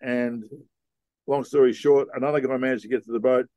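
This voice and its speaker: Man, middle-aged, laid-back storyteller, warm tone, dry close mic. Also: medium pitch, fairly even intonation, a little fast, dry recording. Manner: laid-back, rambling, with Aussie slang. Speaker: podcast guest, sea captain. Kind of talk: casual storytelling.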